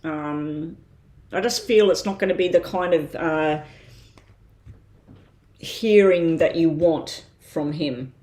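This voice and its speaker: A woman's voice: deep voice, slow pace, pauses often, dark tone, a little hiss or hum. Woman thinking aloud in an echoey room. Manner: casual, thinks aloud with frequent ums. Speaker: tarot reader. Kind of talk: live-stream tarot reading. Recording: roomy echo.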